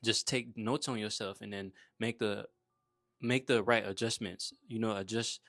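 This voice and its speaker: Young man, from saint croix, casual storytelling, slangy and laid-back, lowish voice, dry close sound. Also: steady tone, normal speed, a bit bright, no echo. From Saint Croix, US Virgin Islands. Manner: slangy and laid-back, peppered with "bruh" and "you feel me". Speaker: motivational vlogger.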